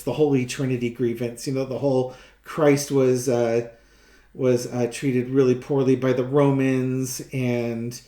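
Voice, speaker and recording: A man's voice: medium pitch, a little mellow. Sarcastic rambling man in an echoey room. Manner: rambling, sarcastic, many restarts and fillers. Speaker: tarot reader. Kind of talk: casual tarot reading commentary.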